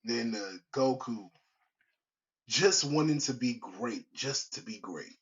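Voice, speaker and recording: Slow, rambling young man on a podcast. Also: mid-range voice, highs cut off. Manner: rambling, relaxed, slangy with restarts. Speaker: podcast host. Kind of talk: casual solo podcast chat.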